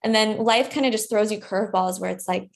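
A young woman chats openly as a podcast guest, her voice sitting at an everyday middle pitch. She tells her story in loose, candid bursts and jumps higher whenever she acts out what she once said. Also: fairly quick, vocal fry. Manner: candid and chatty, acts out past dialogue in a higher voice. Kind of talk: casual chat.

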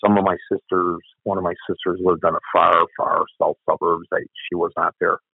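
Blunt older guy, deep raspy voice, sounds like a dry phone call. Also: flat delivery, a little fast, no room sound. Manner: blunt, profane. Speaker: retired police officer. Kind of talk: storytelling interview. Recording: tinny phone-like line.

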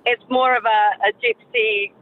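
A woman's voice: on the high side, fairly even intonation, measured pace, slight background noise. A woman phoning in to a radio show and talking about her husband. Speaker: caller. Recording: phone line.

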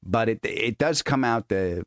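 A man's voice: on the low side, expressive, a little slow, fairly bright tone, dry recording, clean studio sound. A man hosting a podcast, telling stories in casual chat. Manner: storytelling, laughing, repeats words as he restarts. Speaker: podcast host.

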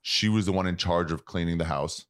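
A man's voice: low-pitched, a little fast, fairly bright tone, clear, resonant tone, no room sound, clean studio sound. A man in his thirties, a comedian guest chatting casually and telling blunt, crude stories. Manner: crude, blunt storytelling with acted-out quotes. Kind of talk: casual podcast chat.

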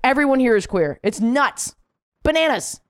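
A comedian woman co-hosting a podcast, chatting casually and swearing as she tells animated stories. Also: high voice, moderate pace, clear, resonant tone. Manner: animated storyteller, swears freely. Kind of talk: casual chat.

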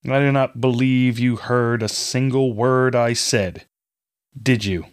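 A man's voice: mid-range voice, steady tone, slow, clean tone, no echo, clean studio sound, lightly acted. A man voicing a stern male tutor who speaks with cold disgust.

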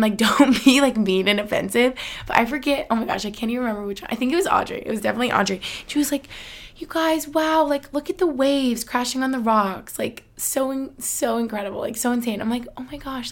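Chatty young woman with vocal fry. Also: mid-range voice, a bit bright. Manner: chatty, filler-heavy, upbeat and giggly. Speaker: podcast host. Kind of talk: casual chat.

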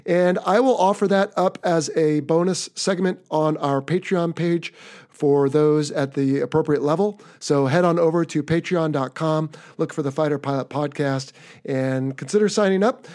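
An American man hosts a podcast in an easy, chatty manner. His voice sits a little high for a man and carries an upbeat, rambling energy. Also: normal speed, a little mellow. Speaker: podcast host. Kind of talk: casual podcast talk.

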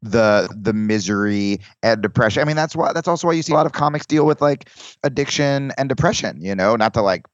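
A man's voice: medium pitch, expressive, a little fast, no room sound. Comedian guy rambling on a podcast, keeps restarting, dull lo-fi mic. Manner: rambling, restarts, acts out quoted lines. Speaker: comedian guest. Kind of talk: casual podcast chat.

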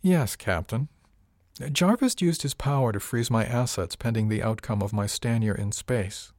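A man voicing a composed, wealthy young woman in an audiobook, calm and matter-of-fact. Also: medium pitch, moderate pace, no room sound, clean studio sound, close to an everyday voice.

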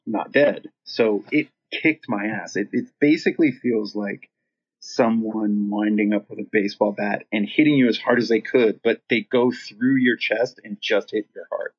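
Husky middle-aged guy rambling thru a wild story, swears a lot, dull lo-fi podcast sound. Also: on the low side, normal speed. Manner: rambling, profane, animated when quoting himself and others. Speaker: guest, rock singer. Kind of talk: casual storytelling interview.

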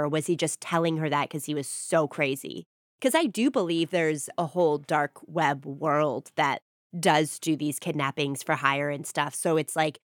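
A woman's voice: low voice, no room sound, clean studio sound. A woman co-hosting a true crime podcast, chatting casually and speculating about the case. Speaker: podcast co-host. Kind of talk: casual chat.

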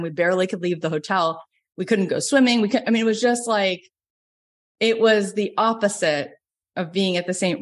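A woman in her forties from Florida, a business coach telling personal stories in a lively podcast talk. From Florida, USA. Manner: lively storytelling, jumps up in pitch for quoted dialogue.

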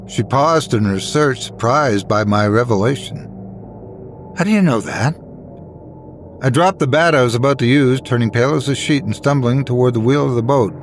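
A man narrating a first-person horror story in a measured, dramatic reading. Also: mid-range voice.

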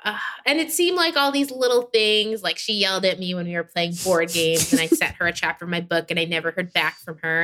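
Woman guest, bright and forceful tone, lively storytelling, acts out quotes. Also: on the low side. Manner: animated storytelling, acts out dialogue. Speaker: podcast guest, friendship expert. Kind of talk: casual conversational interview.

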